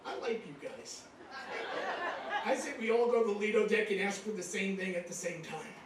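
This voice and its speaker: A man's voice: high voice, normal speed, heavy background noise. A man in his fifties doing a stand-up comedy set, teasing the crowd in a conversational way. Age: 50s. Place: cruise ship show lounge. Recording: echoey room mic, caught from far off. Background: audience laughter.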